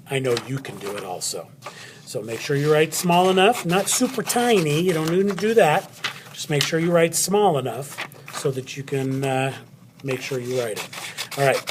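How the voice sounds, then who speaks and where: Give me a man with a slightly high voice teaching kids a spelling lesson in a friendly, chatty way. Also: background noise. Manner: friendly, chatty, talks straight to the students. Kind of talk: recorded spelling lesson for children.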